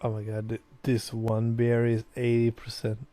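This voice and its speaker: Speaking at a moderate pace in a monotone, mellow, medium-pitched voice, a young Swedish gaming host reads a visual novel aloud as he plays. He's tipsy from beer, so his let's play commentary rambles casually and is full of fillers. Slight background noise can be heard.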